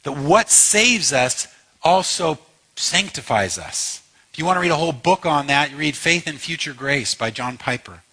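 Impassioned husky-voiced male preacher. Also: on the high side, animated, normal speed, bright, forceful tone. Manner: impassioned, emphatic preaching with repeated phrases. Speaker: pastor. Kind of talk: sermon.

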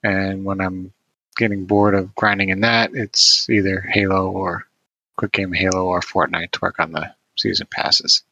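Man, podcast guest, dry humor, low pitch, dry close sound. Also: flat delivery, unhurried, vocal fry, sharp tone, dry recording, highs cut off. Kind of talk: casual podcast chat.

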